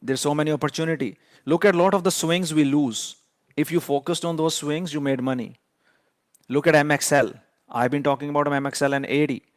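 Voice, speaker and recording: A man's voice: fairly high pitch, fairly even intonation, a little fast, no echo, clean studio sound. A man giving a trading lesson in an emphatic, lecturing way, often repeating key points for stress. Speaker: trading educator.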